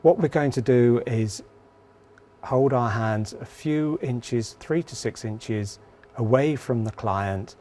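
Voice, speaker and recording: A man calmly and earnestly presenting a spiritual healing course in an instructional video. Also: mid-range voice, slow pace.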